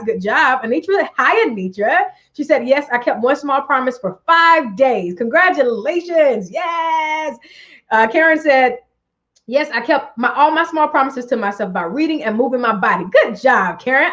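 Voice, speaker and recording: A woman's voice: high-pitched, expressive, moderate pace, fairly bright tone. Upbeat woman coach on a lo-fi live stream. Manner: upbeat, effusive, repeats phrases. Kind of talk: casual live-stream chat, reading comments. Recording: dull lo-fi stream audio.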